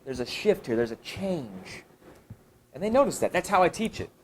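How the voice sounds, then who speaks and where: A man leads a live training session for teachers, posing questions and answering them himself. His voice sits a little high and swings up and down with lively emphasis. Faint room noise hangs behind him. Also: normal speed. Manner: animated, jumps high in pitch for emphasis; thinks aloud, asks and answers his own questions. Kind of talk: professional development workshop talk. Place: high school room with an audience. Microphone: camera recording a live session.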